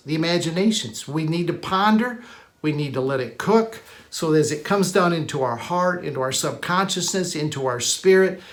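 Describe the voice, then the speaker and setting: A man preaching a sermon as a teacher, emphatic and repetitive, rising to stress key words. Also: sits high.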